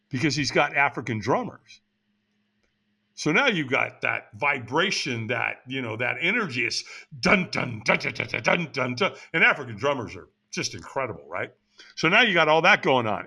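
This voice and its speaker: An American man in middle age tells a story as an interview guest, his pitch swinging widely as he builds the drama. His voice sits a little high and sounds bright and forceful. He acts out the lines of the people in his story. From United States. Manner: animated, acts out other people's lines in a raised voice. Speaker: podcast guest.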